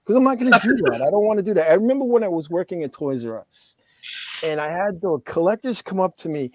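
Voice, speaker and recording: A man's voice: high voice, expressive, quick pace, a little hiss or hum. A man, a podcast co-host, ranting in casual chat and swearing now and then.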